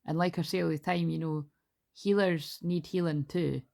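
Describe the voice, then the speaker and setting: A woman's voice: low-pitched, steady tone, moderate pace, vocal fry, a little mellow. A woman giving a casual, rambling tarot card reading, laughing and swearing freely as she talks. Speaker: tarot reader.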